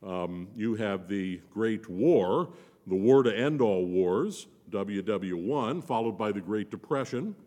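A man with a warm, fairly low voice and lively intonation preaches slowly as a guest in a church. His sermon is folksy, jokey and conversational, and the recording carries a long church reverb.

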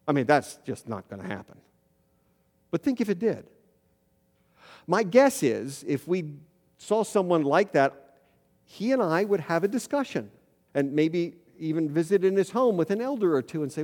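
A middle-aged male pastor preaching with a fairly high voice, his words carrying a long echo through a church hall. He tells stories and climbs louder to drive points home. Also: very animated, normal speed. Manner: storytelling, rising loud for emphasis. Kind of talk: sermon. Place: church sanctuary.

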